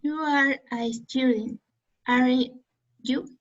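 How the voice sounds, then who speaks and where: A woman's voice: sits high, steady tone, slow pace. A woman student carefully reading grammar examples aloud. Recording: dull lo-fi audio.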